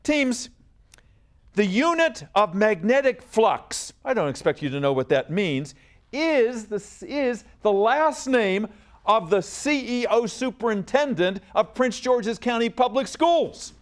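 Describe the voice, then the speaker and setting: High-voiced upbeat man hosting a quiz. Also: very animated, slow pace. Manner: upbeat, coaxing and encouraging students. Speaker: quiz show host. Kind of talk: school quiz show hosting.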